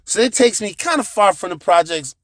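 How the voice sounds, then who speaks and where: A man telling a profane childhood story, animated, with sound effects and shouted reenactments. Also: high-pitched, brisk, no room sound, clean studio sound. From United States.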